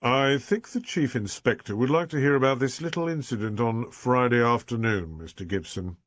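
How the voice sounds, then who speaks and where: A man's voice: mid-range voice, normal speed, no echo, natural voice. A man doing a placid polite inspector. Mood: calm. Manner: calm, formal and deferential.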